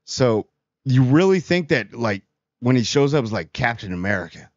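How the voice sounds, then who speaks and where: A man's voice: medium pitch, sing-song, moderate pace, a little mellow, dry recording. A man giving a casual, rambling movie review in a chatty, amused way. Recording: dry, slightly dull audio.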